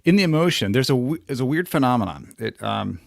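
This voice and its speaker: A man co-hosting a business podcast, talking in a casual, animated way, laughing often and digging into details. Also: mid-range voice, fast, creaky, no room sound, studio quality. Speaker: podcast co-host.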